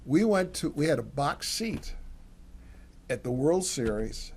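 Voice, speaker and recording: A man's voice: on the high side, sing-song, unhurried, darkish tone, a little hiss or hum. An older American man co-hosting a cooking show, chatting casually with lots of fillers and restarts. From United States. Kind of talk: casual chat.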